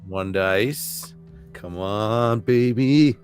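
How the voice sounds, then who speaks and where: A man's voice: lowish voice, drawn-out words, soft background music. A man playing a tabletop game, easygoing and thinking aloud. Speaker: player. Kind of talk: casual game play chat.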